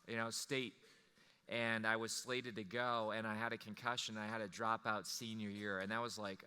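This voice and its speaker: A man telling a personal story to an audience, animated and rambling, with restarts. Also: lowish voice, smooth, big-room sound. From Wisconsin.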